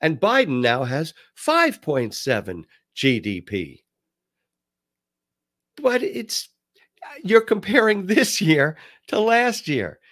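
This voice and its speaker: A man hosting a talk show, giving casual political commentary with a swooping, animated delivery and frequent restarts. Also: on the high side, slow pace, long pauses, no echo, studio quality.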